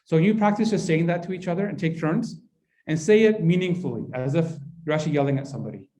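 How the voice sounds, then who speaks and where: A man with a fairly high, warm voice talks fast while running an interactive parenting workshop in a mosque hall. He stays conversational, repeatedly asking his audience "right?"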